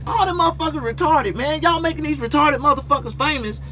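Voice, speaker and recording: A man's voice: very high voice, fast, pushed and bright, slight background noise. A man hosting his own late-night talk show, ranting in a profane, rambling way from his motorhome. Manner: profane, rambling rant with frequent cursing.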